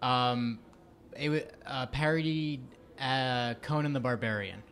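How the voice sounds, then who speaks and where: A man's voice: mid-range voice, measured pace, a bit bright. A man chatting casually as a guest on stage, hesitating with fillers. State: sunburned. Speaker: guest performer. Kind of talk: casual onstage chat.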